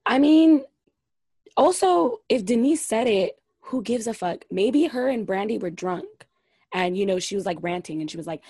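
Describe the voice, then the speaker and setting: Female podcast co-host, husky, outspoken, swears, dry close sound. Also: medium pitch, lively intonation, moderate pace, dark tone, no echo. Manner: blunt, opinionated, swears freely. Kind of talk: casual reality TV recap chat.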